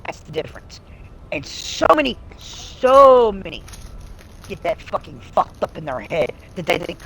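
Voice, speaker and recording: Blunt, foul-mouthed streamer woman with gravelly voice. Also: medium pitch, very animated, moderate pace, a bit bright, slight background noise, low-quality recording. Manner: blunt, heavily profane, emphatic. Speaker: livestreamer. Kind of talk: casual storytelling on a live stream.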